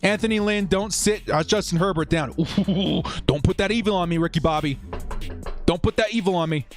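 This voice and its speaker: A young man hosting a live watch-party stream, chatting with viewers and getting excited over each play. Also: high-pitched, fairly quick, faint music behind.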